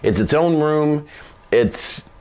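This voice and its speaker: A man hosting his own show, telling a funny story in an animated, loose way, laughing often and swearing casually. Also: on the high side, slow pace. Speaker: vlog host. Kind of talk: comic storytelling.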